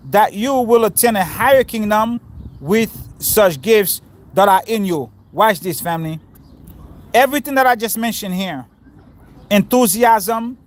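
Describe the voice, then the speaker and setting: High-pitched guy teaching bible stuff outside on the grass, real casual, keeps quizzing folks. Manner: informal, quizzes listeners and explains terms. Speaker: spiritual teacher. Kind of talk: casual outdoor scripture teaching. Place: outdoors, sitting on grass in the wind.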